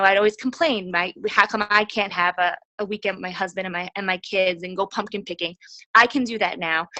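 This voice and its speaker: A woman in her thirties telling her own story on a group call, earnest and halting, with frequent restarts. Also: mid-range voice, bright, forceful tone, no echo, poor audio. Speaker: team coach sharing her story. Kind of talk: personal testimonial on a group call.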